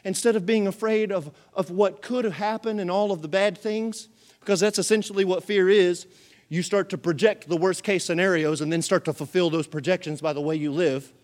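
A male pastor preaching a sermon with humorous, animated storytelling. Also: high voice, a little fast.

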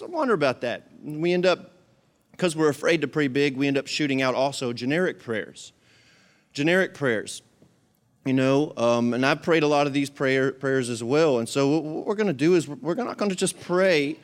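A man's voice: fairly high pitch, normal speed. A male pastor preaching a sermon in a conversational way, repeating his key points for emphasis.

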